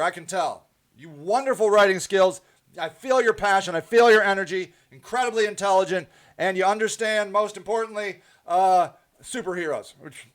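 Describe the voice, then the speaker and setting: A woman with a lowish voice hosts a casual monologue, brash and lively, cursing freely and doing impressions of other people's voices.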